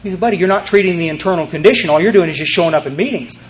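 An older man sharing his recovery story at a meeting, telling it in a lively, animated way and acting out the voices of the people in it. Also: sits high, very fast. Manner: animated storyteller, acts out voices, many restarts.

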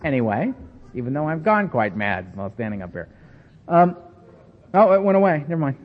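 A man with a high, very expressive voice addresses a recovery meeting, telling stories in an animated, self-mocking way. He acts out the dialogue as he goes. The recording is dull and carries the long reverb of a large hall. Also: a little fast. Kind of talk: storytelling talk to an audience.

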